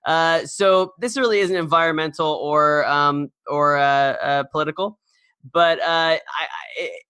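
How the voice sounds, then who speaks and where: Guy on a podcast, bright slightly high voice, rambly with lots of ums, dry sound. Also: measured pace, clean tone, dry recording. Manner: rambling storyteller with many fillers and restarts. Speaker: podcast co-host. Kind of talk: casual podcast chat.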